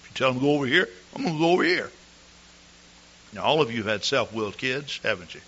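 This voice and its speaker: Male pastor, lively sermon delivery on a dull lo-fi church recording. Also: mid-range voice, fast. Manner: animated storytelling preacher, clears throat often. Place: church service.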